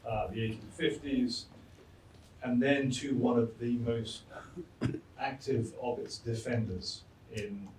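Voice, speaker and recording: A man moderating an audience Q&A, halting and searching for words. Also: mid-range voice, steady tone, darkish tone. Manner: halting, many fillers and restarts. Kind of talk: hosting an audience Q&A. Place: lecture hall. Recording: echoey room, mic far off, faint noise.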